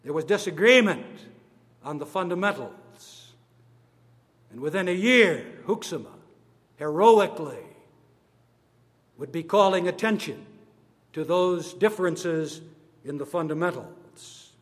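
Guy giving a church history talk, kinda high voice, slow and weighty, big echoey hall. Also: lively intonation. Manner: slow, deliberate and emphatic, stressing words one by one. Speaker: church speaker on denominational history. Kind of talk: formal church history address. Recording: long reverb of a large hall.

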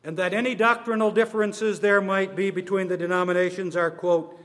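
A man giving a formal address on church history, slow and deliberate, stressing his words one by one. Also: high-pitched, level tone, a bit bright. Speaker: church speaker on denominational history. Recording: long reverb of a large hall.

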